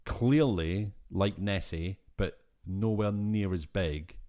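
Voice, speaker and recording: Low-voiced Scottish man, animated chat. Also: slow pace. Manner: animated, exasperated, swears freely. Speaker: podcast co-host. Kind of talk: casual film-review chat.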